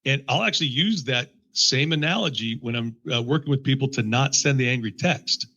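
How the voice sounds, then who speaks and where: An enthusiastic male executive coach with a bright, husky voice that swings up and down as he tells stories. He is recorded in a basement home studio, and the sound comes through a little muffled and lo-fi. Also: mid-range voice, brisk. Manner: enthusiastic, animated storyteller. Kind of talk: conversational interview.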